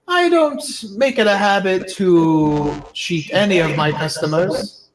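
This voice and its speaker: A man voicing a shrewd little male kobold jewel merchant who haggles with smooth, mock-courteous politeness. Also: sits high, animated, a little slow, pitched above the performer's own voice. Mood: sly.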